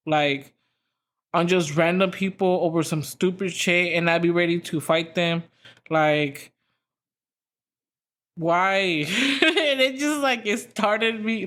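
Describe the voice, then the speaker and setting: A woman's voice: fairly low pitch, fairly bright tone. A young adult woman hosting a podcast, telling a story in a casual, profane, rambling way full of fillers. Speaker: podcast host.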